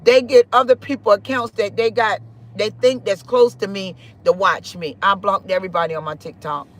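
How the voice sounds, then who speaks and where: A man's voice: high voice, fairly even intonation, normal speed, fairly bright tone. A man in his forties giving an emphatic, preachy spiritual talk on a live stream, often repeating his phrases.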